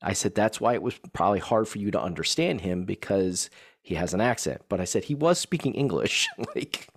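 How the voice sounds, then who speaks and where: Man, lowish voice, halting storytelling, casual podcast talk. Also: lively intonation. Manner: rambling storytelling with frequent restarts and fillers. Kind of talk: casual chat.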